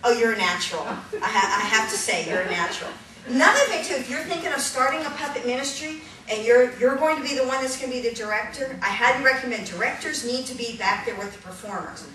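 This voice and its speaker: A woman leading a hands-on puppetry workshop, energetic and upbeat, laughing often and counting the group along. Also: a little high, quick pace. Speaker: puppetry instructor. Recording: echoey room from a distance, noisy.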